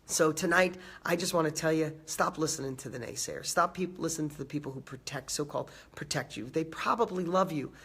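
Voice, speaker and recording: A man with a slightly hoarse, raspy voice from a cold, giving an emphatic live motivational talk, stacking repeated phrases and greeting viewers by name. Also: fairly high pitch, a little fast, few pauses, fairly bright tone. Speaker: motivational host.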